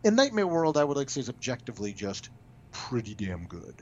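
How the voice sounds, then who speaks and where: Man, comic writer guest, lively storyteller, restarts a lot, lo-fi muffled audio. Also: medium pitch, fairly quick, a little hiss or hum. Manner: animated, frequent restarts and stammered repeats. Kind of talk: casual interview storytelling. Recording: dull lo-fi audio.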